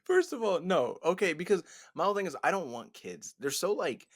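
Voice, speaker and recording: Animated young man, dry close sound. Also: high-pitched, brisk, dry recording. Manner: loud, animated, swearing, laughing often. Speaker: podcast co-host. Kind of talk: casual chat.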